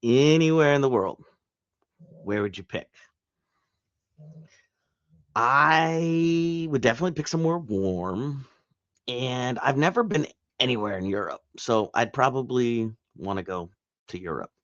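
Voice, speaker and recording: A man's voice: medium pitch, expressive, unhurried, pauses often, fairly bright tone, no echo, muffled recording. A man talking casually through a reselling vlog update at home, chatty and rambling. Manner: chatty, rambling, self-interrupting. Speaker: reselling vlogger.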